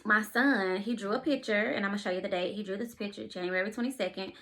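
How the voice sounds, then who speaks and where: A woman of average pitch tells a personal story in a casual vlog. She is out of breath and animated. She slips in and out of acted-out dialogue as she retells what happened. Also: quick pace. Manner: breathless and animated, often retelling scenes in quotes. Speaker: vlogger and expecting mother.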